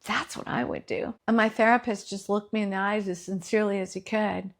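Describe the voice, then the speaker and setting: A woman's voice: medium pitch, steady tone, fairly quick, creaky. A middle-aged woman, hosting a podcast and telling personal stories in an earnest, reflective way. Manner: earnest, storytelling, quotes others in acted voices. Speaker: podcast host.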